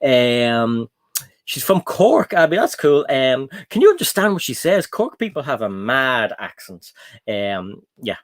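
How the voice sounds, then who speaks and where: A man's voice: mid-range voice, wildly swooping pitch, unhurried, no echo, studio quality. An Irish man hosting a livestream, chatting casually and reading out viewer comments with plenty of ums. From Ireland. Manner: rambling, chatty, full of ums and laughs. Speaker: livestream host.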